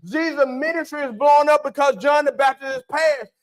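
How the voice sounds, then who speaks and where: A man's voice: very high-pitched, normal speed, rough recording. A man preaching a folksy sermon, with call-and-response asides to the congregation. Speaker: pastor. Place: church.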